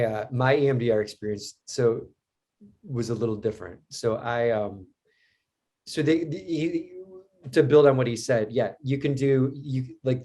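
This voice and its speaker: A man's voice: mid-range voice, warm tone. A man as a podcast guest, speaking candidly and reflectively in casual conversation.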